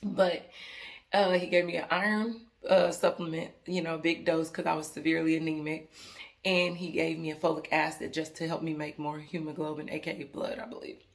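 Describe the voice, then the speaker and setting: A woman vlogger with a low voice talks to camera briskly and with flat delivery. She is casual and earnest with her viewers, rambling and restarting often.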